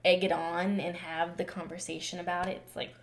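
A woman's voice: lowish voice, little pitch movement, brisk. A woman chatting casually about a reality show, wry and gossipy, often trailing off.

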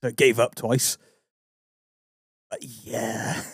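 A man's voice: medium pitch, little pitch movement, slow pace, husky, dry recording. A man chatting casually on a podcast, dropping dry, wry jokes. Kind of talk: casual chat.

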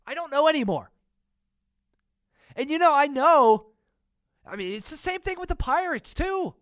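A man hosting his own sports podcast alone, ranting in an exasperated way with sudden loud outbursts. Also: extremely high pitch, expressive, normal speed, pauses often, dry recording, studio quality. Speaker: podcast host. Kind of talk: solo sports opinion podcast.

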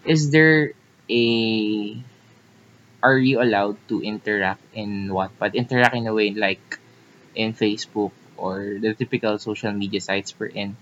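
A man's voice: fairly low pitch, steady tone, a little slow, a bit bright, muffled recording, a little hiss or hum. A man co-hosting a casual podcast chat, teasing and restarting his sentences as he talks. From Philippines. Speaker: co-host.

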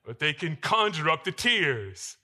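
A male pastor preaching a sermon in a church, swinging between loud emphatic lines and quiet asides. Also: on the high side, big pitch swings, a little slow. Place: church sanctuary.

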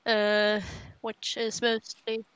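A woman from Sweden, a native Swedish speaker with a Swedish accent, chatting casually on a podcast in a measured, matter-of-fact way. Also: on the high side, completely flat delivery, fairly bright tone, clear, resonant tone, no room sound. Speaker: podcast co-host. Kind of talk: casual chat.

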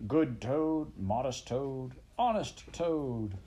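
A man voicing a pompous male weasel chief with a high, squeaky voice and mocking, drawn-out speechmaking in an audiobook. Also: animated, warm tone, slight background noise. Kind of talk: audiobook character voice.

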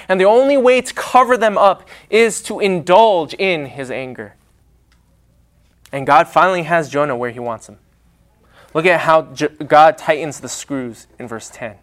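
Emphatic male preacher with a higher voice. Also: a bit bright. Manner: dramatic, emphatic delivery with pauses. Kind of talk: sermon.

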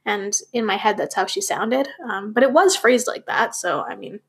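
A woman's voice: mid-range voice, expressive, moderate pace, a bit bright, breathy edge. A woman speaking candidly to her viewers, questioning herself and swearing now and then. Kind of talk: candid personal talk to camera.

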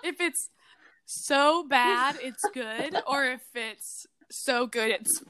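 A woman's voice: sits high, slow, sharp tone. A woman co-hosting a podcast in casual chat, giggly and saying "like" constantly. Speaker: podcast co-host.

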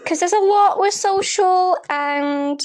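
A woman's voice: very high voice, slow pace, a little mellow. A young woman hosting her own podcast, chatting casually and rambling, often laughing and losing her train of thought. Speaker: podcast host. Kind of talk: casual personal chat.

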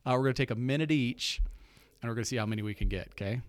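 A man's voice: medium pitch, very fast, no room sound. A young man hosting a casual podcast chat, upbeat and playful, laughing often and teasing his guest. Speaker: podcast host. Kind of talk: casual chat, party game.

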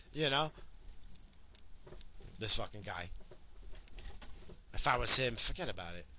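A podcast host in his forties rambles and swears his way through a casual rant on his own show. His voice sits on the high side, bright and forceful with vocal fry, and the audio quality is poor.

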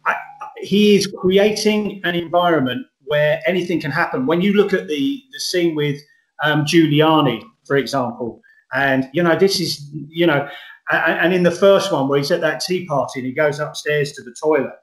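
Middle-aged guy rambling earnestly as an interview guest, slightly high voice, echoey room. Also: normal speed. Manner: earnest, rambling, lively emphasis. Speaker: guest actor. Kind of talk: conversational interview. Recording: roomy echo.

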